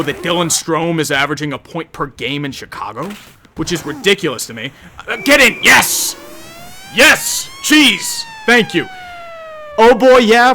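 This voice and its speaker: A young man with a high-side, sharp voice streams a game and responds to chat in a rambling, sarcastic way, always ready to joke. It's casual live-stream talk over gameplay, with slight background noise.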